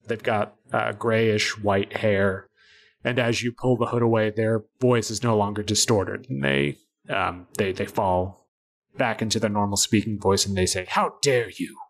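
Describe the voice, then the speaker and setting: A man running a tabletop role-playing game as game master, describing scenes in a relaxed, chatty way with plenty of pauses. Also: fairly low pitch.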